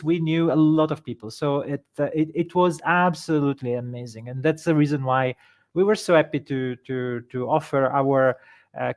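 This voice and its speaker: A man with an Italian accent co-hosting a livestream, his first language Italian. His voice sits a little high, and he keeps restarting sentences and repeating words as he talks. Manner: halting, repeats words often. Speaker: co-host. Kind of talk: casual livestream chat.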